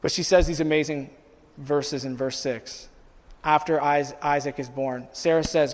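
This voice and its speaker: A man preaching a sermon as pastor, repeating and restarting phrases and climbing in pitch and volume as he builds. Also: steady tone, moderate pace. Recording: long hall reverb.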